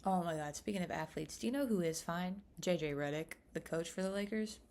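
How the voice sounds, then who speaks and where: Young woman vlogger, lowish voice, chatty and rambling to camera. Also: brisk. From United States. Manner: chatty, rambling, animated asides. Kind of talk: casual chat to camera.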